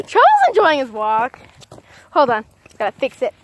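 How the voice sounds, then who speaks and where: High-voiced teen girl rambling on a walk. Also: huge pitch swings, measured pace. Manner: distracted, chatty, keeps calling to her dog mid-sentence. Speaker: vlogger. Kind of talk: casual rambling vlog. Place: outdoors on a walk.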